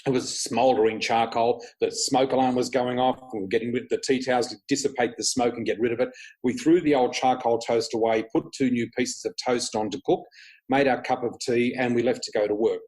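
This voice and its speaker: Husky-voiced Australian man telling stories. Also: medium pitch, a little fast, low-quality recording. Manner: animated storyteller who acts out others' lines. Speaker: guest, psychic flower reader. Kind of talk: conversational storytelling.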